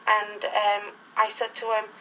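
A woman's voice: medium pitch, monotone, slow pace, bright, forceful tone, a little hiss or hum, poor audio. A middle-aged woman talking casually in an interview, rambling through anecdotes in a chatty way. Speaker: interviewee, reborn doll collector.

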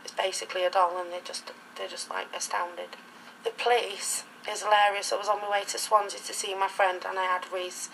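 A woman's voice: medium pitch, flat delivery, fairly quick, vocal fry, a bit bright, slight background noise, poor audio. Chatty middle-aged woman telling stories. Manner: chatty, rambling anecdotal storytelling. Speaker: interviewee, reborn doll collector. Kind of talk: casual documentary interview.

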